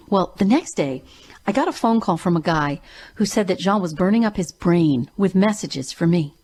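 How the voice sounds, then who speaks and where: A woman's voice: fairly low pitch, darkish tone. A woman hosting her own show, telling a personal story in an earnest, emphatic way. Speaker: show host and grief coach.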